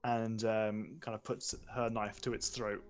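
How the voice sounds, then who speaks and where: A man's voice: on the low side, little pitch movement, unhurried, soft background music. A man running a tabletop game as game master, narrating scenes and bantering with laughter, over voice chat.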